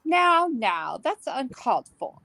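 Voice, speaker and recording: A woman's voice: sits high, very animated, measured pace, vocal fry, sharp tone. A woman co-hosting a livestream, greeting viewers and teasing dryly. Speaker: livestream co-host. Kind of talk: casual livestream chat.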